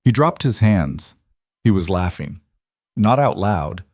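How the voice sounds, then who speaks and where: A man narrates a romance story in a measured, steady voice. His tone sits low and close to the mic. There is no room sound at all, just dry studio narration. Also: no room sound. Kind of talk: scripted romance audiobook narration.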